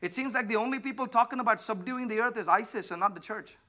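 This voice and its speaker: A man preaching a sermon, emphatic, swinging between loud declarations and hushed asides while questioning the congregation. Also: sits high, quick pace. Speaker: pastor.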